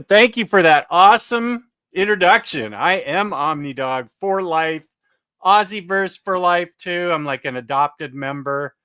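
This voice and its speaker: A man hosting a live stream in relaxed, chatty talk, laughing easily between greetings. His voice is a touch high and bright. He takes his time, and the sound is dry and close. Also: a little slow, clear, resonant tone, dry recording. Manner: laughs often, loose and chatty. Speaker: livestream host. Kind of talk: casual chat.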